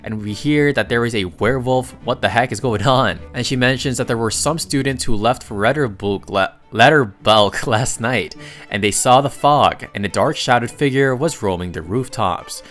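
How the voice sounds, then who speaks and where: A man at a mid pitch, recapping a comic with casual, chatty narration. He drops jokey asides and stumbles over a word now and then. Soft music plays faintly under his voice. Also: normal speed.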